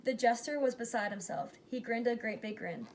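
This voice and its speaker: A woman reads a rhyming picture book aloud in a fairly high voice. She gives each character a lively turn without putting on big voices. A faint hiss of noise sits under the recording. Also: fairly quick, vocal fry. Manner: lively storybook reading with plain character voices. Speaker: reader.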